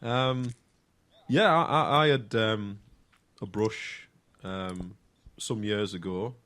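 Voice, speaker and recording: In a casual podcast chat, a co-host with a fairly low, slightly bright voice tells a crude personal story at a slow pace. He keeps stalling and starting over, his ums stacking up as he goes.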